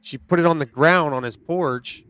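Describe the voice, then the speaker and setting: A man hosting a podcast, chatting casually and telling stories in an animated way, often tagging his sentences with "right?" and "dude". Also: on the high side, normal speed, dry recording. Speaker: podcast host. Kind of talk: casual chat.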